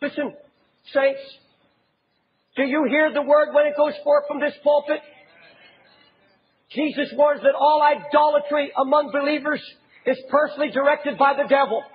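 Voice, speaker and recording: A man preaching an impassioned sermon as a pastor, often raising his voice to a shout. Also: very high-pitched, fairly even intonation, moderate pace, pauses often, highs cut off.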